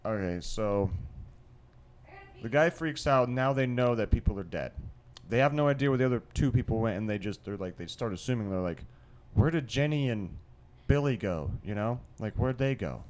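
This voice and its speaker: A man's voice: fairly low pitch, expressive, a little fast, darkish tone. A man co-hosting a podcast in a studio, brainstorming in a rambling, profane way, full of restarts and swearing. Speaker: podcast co-host. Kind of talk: casual brainstorming chat.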